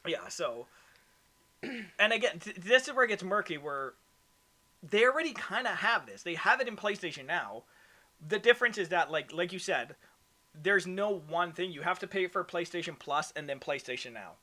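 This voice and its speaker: A man's voice: high voice, animated, moderate pace, bright, forceful tone. A man hosting a casual gaming podcast. He reads news from his notes, often stumbles and starts over, and runs short of breath. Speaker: podcast host.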